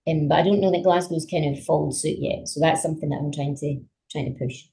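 A woman talking as a guest on a podcast. She tells stories in an animated way and uses a lot of fillers. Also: sits low, fast talker, rough recording. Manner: animated storyteller, many fillers. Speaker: politician guest. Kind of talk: casual conversation.

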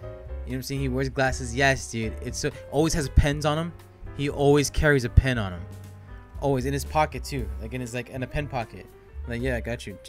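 A man's voice: medium pitch, brisk, faint music behind. A man co-hosting a casual podcast chat, telling a rambling story with lots of swearing and laughter. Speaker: podcast co-host.

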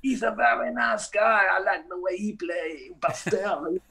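A man's voice: high-pitched, a little slow, vocal fry, bright, forceful tone, pitched above the performer's own voice, full character voice. A man putting on the voice of an elderly French jazz violinist, speaking broken English with a French accent in a fond, chuckly way.

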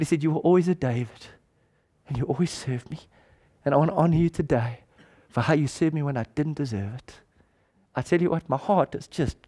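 A pastor preaching a sermon, telling a personal story and acting out the dialogue in it with feeling. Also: male voice, on the high side, darkish tone.

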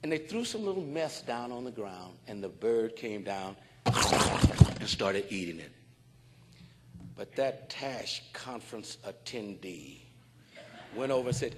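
A man giving a conference keynote, telling a story in a dramatic preaching style that swings from soft to shouting. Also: fairly low pitch, very animated, slow, long pauses. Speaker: keynote speaker. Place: large conference hall. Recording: long hall reverb.

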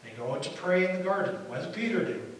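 A man preaching a sermon as pastor, telling the story in an animated way and acting out the quotes. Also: high voice, quick pace. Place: church hall. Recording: echoey hall from far off, faint hiss.

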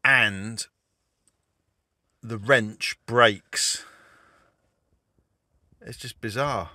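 Wry low-voiced man vlogging. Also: drawn-out words, pushed and bright, no echo, clean studio sound. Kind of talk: casual vlog narration. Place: campervan trip outdoors.

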